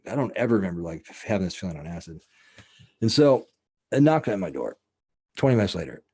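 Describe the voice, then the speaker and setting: A man's voice: deep voice, big pitch swings, fast talker, warm tone, slightly rough. A man hosting a show, telling a story in a loose, rambling, profane way with lots of fillers. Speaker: show host. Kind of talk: casual storytelling.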